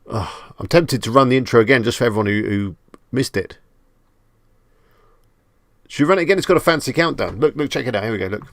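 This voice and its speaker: Male live stream host, gravelly voice, dry close sound, relaxed and chatty, answers viewers as he goes. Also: mid-range voice, fairly quick, long pauses, no room sound. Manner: chatty, reads viewer comments aloud and answers them; jokey, self-amused asides. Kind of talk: casual live stream chat.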